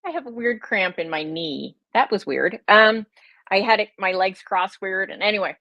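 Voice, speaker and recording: A woman's voice: medium pitch, moderate pace, pushed and bright, no echo, dull audio. Chatty woman with a slight Southern twist. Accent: slight Southern American twist. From United States. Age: middle-aged. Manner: chatty, self-deprecating, rambling with fillers. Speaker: health and wellness coach. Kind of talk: casual livestream chat.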